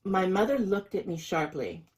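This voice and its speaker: A man reading a children's picture book aloud in a lively, expressive storytelling voice. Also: high-pitched, moderate pace, low-quality recording. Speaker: storybook reader.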